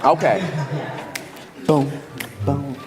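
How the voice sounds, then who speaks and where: A man's voice: medium pitch, animated, extremely slow, vocal fry, a crowd in the background. A man preaching a sermon as guest minister, emphatic and folksy, repeating his phrases for weight. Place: large church hall. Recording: long hall reverb with instrument behind.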